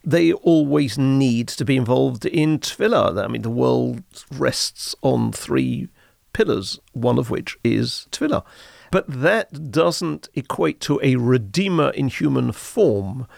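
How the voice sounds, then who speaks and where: A man, explaining history in a measured, informative podcast conversation. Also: mid-range voice, lively intonation, creaky, darkish tone, no room sound, clean studio sound. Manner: measured, informative, uses Hebrew terms. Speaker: history podcast guest expert.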